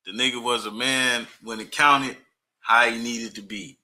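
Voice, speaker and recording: A man hosts a reaction video, breaking in to comment on a story. His voice is very bright and sharp. He talks in emphatic, profane street slang. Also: medium pitch, steady tone, a little slow.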